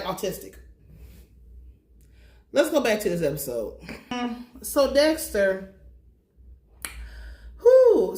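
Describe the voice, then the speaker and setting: Blunt, animated woman recapping a show. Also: on the high side, roomy sound. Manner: blunt, profane, animated storytelling. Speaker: TV recap commentator. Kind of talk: casual episode recap.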